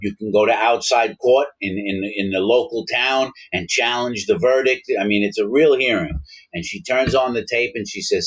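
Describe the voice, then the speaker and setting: A man's voice: fairly low pitch, moderate pace. Man telling prison stories. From Long Island, New York. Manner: animated, acts out both sides of dialogues. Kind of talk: casual storytelling to camera.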